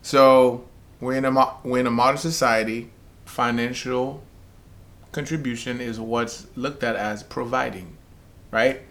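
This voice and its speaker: A man's voice: medium pitch, steady tone, a little slow, fairly bright tone. A man co-hosting a casual podcast, laying out his views in a laid-back, step-by-step way. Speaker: podcast co-host. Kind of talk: casual discussion.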